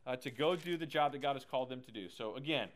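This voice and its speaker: A man teaching a lively Bible lesson who keeps checking in with the class and retells scripture in casual slang. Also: mid-range voice, quick pace. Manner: chatty, keeps asking "right?", paraphrases scripture in slang.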